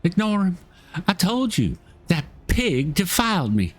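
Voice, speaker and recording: A man voicing an indignant wronged woman in a high falsetto, demanding vengeance in a video game. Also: big pitch swings, unhurried, faint music behind, full character voice. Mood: outraged.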